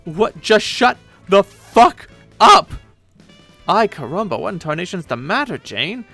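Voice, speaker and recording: A man voicing a furious young woman who shouts and snaps sarcastically at her friend, in a webcomic read aloud with voices. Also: a little high, very animated, brisk, slightly rough, faint music behind, full character voice.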